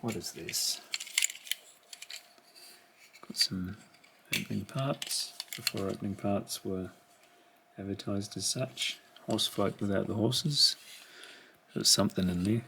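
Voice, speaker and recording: Slow, gravelly man musing aloud. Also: fairly low pitch. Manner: quiet, musing, talks half to himself. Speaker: collector unboxing a haul. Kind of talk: casual unboxing commentary. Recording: rustling packaging noise behind.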